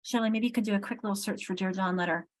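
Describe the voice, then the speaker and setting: A woman's voice: medium pitch, racing. A woman leading a literacy training session over a video call, thinking aloud and restarting sentences as she explains and searches for material.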